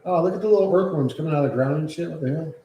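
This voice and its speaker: A man streaming live, chatting loosely with lots of swearing and cooing softly to his pet. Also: fairly high pitch, rapid-fire, echoey room, lo-fi sound. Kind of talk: casual live-stream chat.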